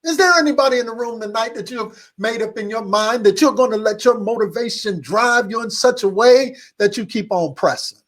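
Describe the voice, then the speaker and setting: A middle-aged man preaching a motivational sermon to a livestream audience, repeating phrases, calling for responses and building in excitement. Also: very high voice, fairly quick, hardly any pauses. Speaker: pastor.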